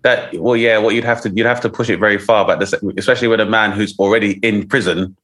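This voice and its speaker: A man co-hosting a podcast who cuts in with quick remarks over the guest. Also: fairly low pitch, steady tone, fairly bright tone.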